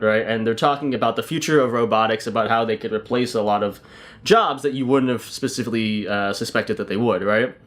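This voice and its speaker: A man's voice: mid-range voice, fairly bright tone. A young man hosts with a middling voice, telling rambling comic bits in casual, profane chat. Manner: storytelling, profane, laughing often. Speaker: podcast host.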